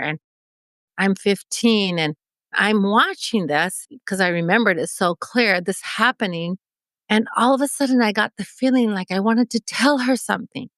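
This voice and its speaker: A woman's voice: lowish voice, fairly bright tone, no echo. A woman in her forties from Mexico, a podcast guest telling an emotional personal story and acting out the dialogue. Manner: vivid, acts out remembered dialogue.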